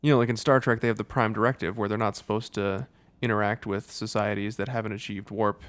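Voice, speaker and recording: A man's voice: on the low side, fairly even intonation, fast, fairly bright tone, clean tone. Rambling, joking man. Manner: rambling, filler-heavy, jokey. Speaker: podcast co-host. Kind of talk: casual chat.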